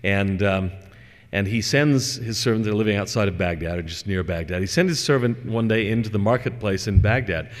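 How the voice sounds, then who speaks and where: A man's voice: fairly low pitch, fairly quick. A man giving a conversational religious lecture, telling stories and wandering through asides with fillers. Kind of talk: lecture with storytelling. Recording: long hall reverb.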